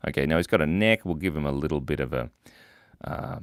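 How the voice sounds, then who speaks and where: A man's voice: very deep voice, lively intonation, brisk, no echo, studio quality. A young Australian man hosting a live drawing stream, chatting playfully and laughing as he reads out viewer comments.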